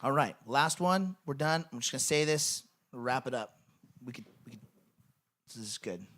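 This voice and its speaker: A man's voice: medium pitch, animated, normal speed, a bit bright. A man preaching a sermon in a church in an earnest, conversational way, with lots of fillers. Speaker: pastor. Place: church sanctuary.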